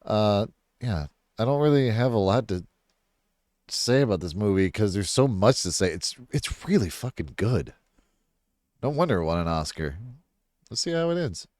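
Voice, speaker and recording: A man's voice: lowish voice, expressive, normal speed, pauses often, darkish tone, dry recording, clean studio sound. A man casually reacting live to a movie he is watching, rambling, swearing and acting out lines in silly raised voices.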